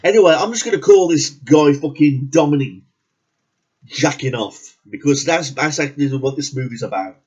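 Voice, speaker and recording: A man's voice: a little high, animated, normal speed, a little mellow, breathy edge, lo-fi sound. A man ranting angrily about a movie as a reviewer, swearing constantly and repeating words for emphasis. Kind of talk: angry profane movie rant.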